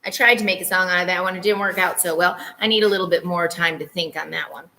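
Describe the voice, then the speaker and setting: A woman teacher with a lowish, fairly even, sharp voice talks fast in a big-room sound. She runs a playful morning meeting for children, teasing herself and humming or singing little transition tunes.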